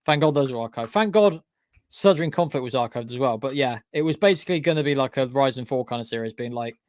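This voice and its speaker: With a mid-range voice, lively intonation and a quick pace, a young YouTube channel creator chats on a livestream in clean studio sound without echo. Rambling through his channel's history, he swears often and repeatedly stops to say "what do you call it".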